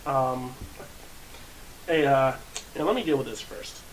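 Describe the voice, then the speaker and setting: A man's voice: mid-range voice, slow pace, slight background noise, rough recording. A man playing a tabletop game, describing his moves with hesitant starts and a bold, bluffing manner. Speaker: player.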